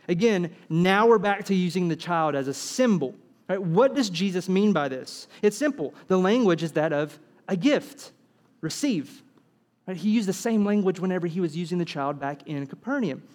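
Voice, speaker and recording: A man preaching a sermon, acting out dialogue and asking rhetorical questions. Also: high voice. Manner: animated, acts out quoted dialogue, asks rhetorical questions.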